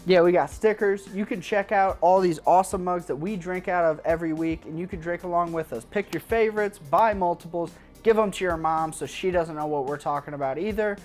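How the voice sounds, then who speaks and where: A man hosting a podcast in casual, laid-back conversation, chatty and quick to laugh. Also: high-pitched, a little mellow, soft background music. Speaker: podcast host.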